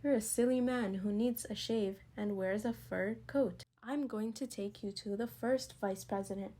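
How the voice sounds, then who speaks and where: A woman's voice: medium pitch, moderate pace, warm tone, lightly acted. A woman voicing a furious male vice president in a storybook, scolding pointedly.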